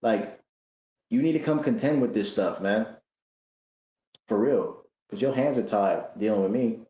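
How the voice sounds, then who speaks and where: A man giving a casual religious commentary monologue, animated and talking in rough slang, often repeating words as he goes. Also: on the low side, unhurried, reverberant, highs cut off.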